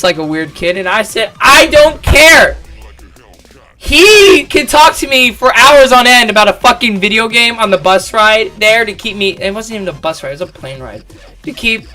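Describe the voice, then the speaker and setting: A man's voice: high voice, sharp tone. A young man telling a rambling story about school, swearing a lot and restarting often. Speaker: vlogger. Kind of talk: casual storytelling.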